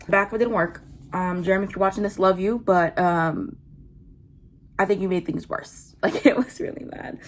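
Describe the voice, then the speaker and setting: A young woman talking through a story as she does her makeup. She is chatty and casual, swears freely, and slips into the voices of the people she quotes. Her voice sits at an ordinary middle pitch for a woman. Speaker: vlogger. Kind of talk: storytime chat while doing makeup.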